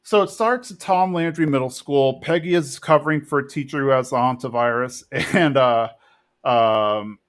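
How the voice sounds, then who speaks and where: A man's voice: mid-range voice, moderate pace. A man from Texas hosting a podcast, recapping a cartoon episode in a loose, rambling way with fillers and the odd chuckle. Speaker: podcast host.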